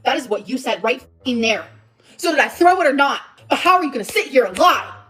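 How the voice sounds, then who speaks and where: A woman's voice: high voice, sing-song, brisk, a bit bright, faint music behind. A woman vlogger ranting emotionally in a rambling, profane way. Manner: rambling, profane, shifts between laughing and upset. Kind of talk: emotional vlog rant.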